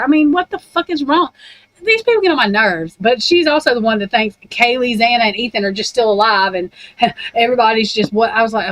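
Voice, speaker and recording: A woman's voice: a little high, lively intonation, a little fast, fairly bright tone, low-quality recording. A woman in a casual, rambling rant about true crime, blunt and heavy on profanity.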